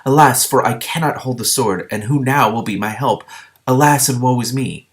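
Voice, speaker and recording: A man's voice: medium pitch, normal speed, pitched above the performer's own voice, lightly acted. A man doing a weepy, melodramatic princess. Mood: weeping. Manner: archaic, tragic phrasing.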